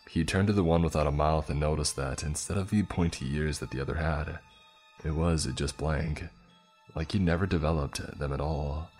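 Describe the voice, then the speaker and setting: Very deep-voiced man narrating horror. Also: a little mellow. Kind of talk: scripted horror story narration.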